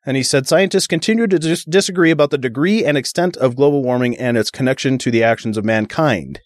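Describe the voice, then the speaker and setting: A man's voice: mid-range voice, fast talker, no echo, clean studio sound. A man co-hosting a casual podcast, reading news items aloud and mocking them sarcastically. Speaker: podcast co-host.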